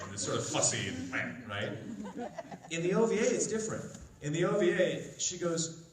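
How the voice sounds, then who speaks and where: A man on a convention panel telling anecdotes, with a lively voice that swings up and down as he acts out quotes. He sounds fairly high for a man, and he is picked up from a distance by a phone in the audience. The big hall echoes around him, with faint crowd noise behind. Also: fairly quick. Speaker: voice actor guest on a convention panel. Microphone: phone recording from the audience.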